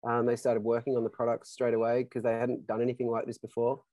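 A man's voice: mid-range voice, quick pace, dry recording, rough recording. A middle-aged Australian man telling his business story in a casual interview, rambling, full of "um" and "you know", and frank. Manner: rambling, filler-heavy, relaxed and frank. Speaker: business founder guest.

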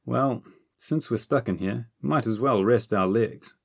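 A man's voice: medium pitch, a little slow, gravelly, slightly rough, no echo, clean studio sound. A man voicing a polite, wry wizard in an audiobook, talking in a mild, understated way.

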